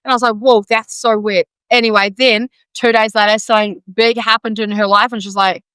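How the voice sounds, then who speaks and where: A woman hosting a podcast in casual chat, excitable and swearing freely, with plenty of fillers. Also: fairly high pitch, fast, clean tone, no room sound. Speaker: podcast host.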